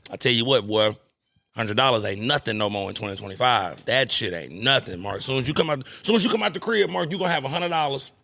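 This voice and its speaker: A man's voice: medium pitch, fast, gravelly, bright, forceful tone, no echo. A man hosting a podcast in loose, casual chat, swearing and asking "you know what I'm saying" again and again. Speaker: podcast host. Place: cigar lounge.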